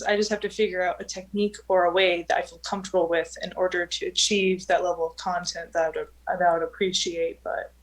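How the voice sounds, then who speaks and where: A young woman with a Texan accent, a fitness trainer, speaking as a podcast guest in a blunt, energetic way and laughing easily. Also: lowish voice. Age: young adult. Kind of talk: casual podcast chat.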